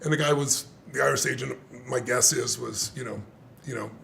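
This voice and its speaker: An older man, an interview guest, telling a story in lively conversation, acting out the voices of others and laughing as he goes. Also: medium pitch, a little fast, vocal fry, a little hiss or hum. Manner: animated, acts out quoted voices, laughs often.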